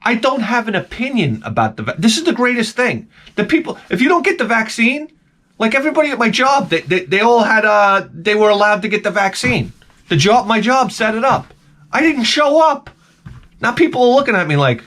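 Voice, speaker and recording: A man's voice: high-pitched, sing-song, fairly quick, fairly bright tone. A man rambling through a comic monologue to camera, jumping between tangents and restarting his sentences. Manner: tangent-prone rant, frequent stammered restarts. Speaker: vlogger.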